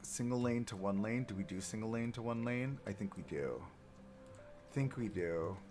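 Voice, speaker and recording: Soft background music accompanies a man whose fairly low, darkish voice moves at a moderate pace. He builds in a game on stream, keeping up chatty, self-mocking banter with his chat.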